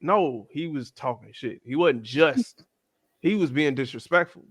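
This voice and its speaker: A man in his thirties co-hosting a podcast, speaking in an animated, slangy chat. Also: a little slow, husky, no echo, studio quality. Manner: animated, slangy, jumps into high-pitched voices when quoting others. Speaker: podcast co-host. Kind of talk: casual chat.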